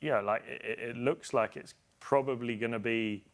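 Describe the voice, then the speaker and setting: A man's voice: mid-range voice, fairly even intonation, moderate pace, vocal fry. Hesitant man giving football analysis. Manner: hesitant, thinks aloud with restarts. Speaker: pundit.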